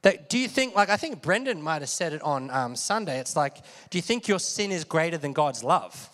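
A man's voice: a little high, very animated, moderate pace, a bit bright. A man preaching a sermon in a conversational way, often asking his listeners questions and getting them to repeat words. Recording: long hall reverb.

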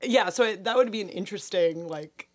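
A woman's voice: mid-range voice, brisk. A woman co-hosting a casual chat, reporting on film reviews with many fillers. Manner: reads quotes aloud, many fillers. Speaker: podcast co-host.

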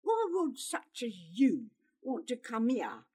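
A woman's voice: a little high, wildly swooping pitch, takes it slowly, mellow, husky, full character voice. A woman voicing an angry, distrustful boy who sneers and accuses. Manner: scornful, sneering.

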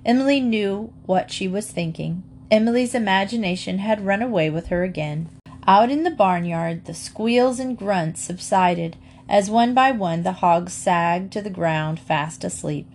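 A woman narrating a children's chapter book in a clear, steady storytelling voice. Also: mid-range voice, a little slow, a little hiss or hum. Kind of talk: storybook read-aloud.

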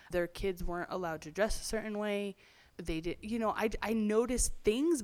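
A young woman telling her personal testimony as an interview guest, chatty, full of "like" and "you know", acting out other people's voices. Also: mid-range voice.

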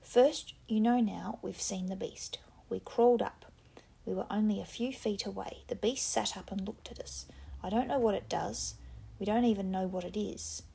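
A woman voicing Jack, an aggressive and contemptuous boy who shouts down the others, in a gravelly, breathy voice. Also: mid-range voice, steady tone, normal speed. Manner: shouting, domineering.

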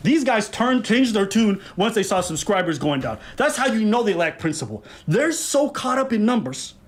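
A man's voice: sits high, sing-song, moderate pace. A man co-hosting a podcast, giving heated commentary and hammering his points home through repetition. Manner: emphatic, repeats points for emphasis. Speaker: podcast co-host.

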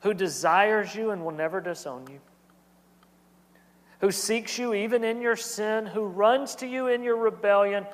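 A man's voice: sits high, unhurried. A man in his thirties preaching a sermon as pastor, earnest and repetitive in his cadence. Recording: long hall reverb.

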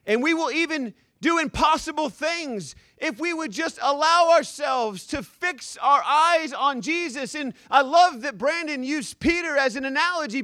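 A male pastor preaching a sermon as a lively, joking storyteller who acts out the scenes he describes. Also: very high-pitched, no echo, clean studio sound.

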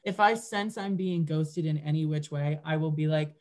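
A woman's voice: low-pitched, moderate pace, a little mellow. A young woman co-hosting a podcast in casual chat, blunt and outspoken. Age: 20s. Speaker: podcast co-host.

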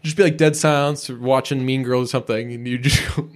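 A man's voice: mid-range voice, fairly even intonation, fairly quick. A man co-hosting a podcast in casual chat, rambling and profane, often laughing. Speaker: podcast co-host.

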